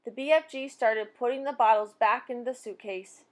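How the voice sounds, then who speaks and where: A woman reading a children's book aloud in a plain, steady way. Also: a little high, moderate pace. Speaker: storybook reader.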